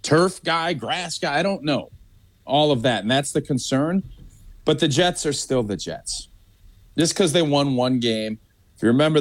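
A man's voice: mid-range voice, no echo. A man co-hosting a sports talk show, giving opinionated game predictions in casual chat. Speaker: sports radio co-host.

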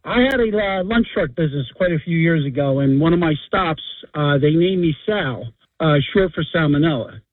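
A man calling in to tell an anecdote, relaxed and halting. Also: fairly high pitch, no room sound. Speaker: caller. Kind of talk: telling an anecdote on the phone. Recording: tinny phone line.

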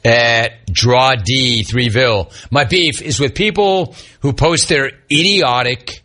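Slow-talking bright-voiced sports radio man. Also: medium pitch. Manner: wisecracking, riffs on each message. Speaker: sports radio host reading listener messages. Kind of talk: casual sports talk show chat.

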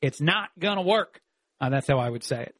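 A man filling in as a talk radio host, giving animated, opinionated commentary with frequent "uh" fillers. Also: fairly high pitch, fairly quick, no room sound.

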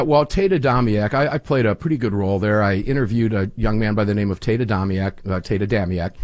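Brief: low-pitched man, emphatic radio storyteller, dry close sound. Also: a little mellow, dry recording. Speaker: radio host. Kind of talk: political talk radio interview.

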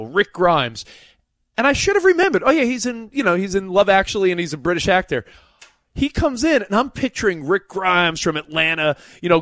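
A man co-hosting a sports radio show, telling stories in a chatty, animated way. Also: high voice, no echo. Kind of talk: casual sports radio banter. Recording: dry close studio mic.

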